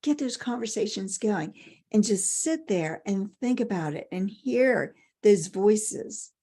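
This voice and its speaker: Taking her time, a middle-aged woman speaks in a warm, medium-pitched voice with lively intonation. She's a motivational speaker whose emphatic talk leans on repeated key phrases and rhetorical questions.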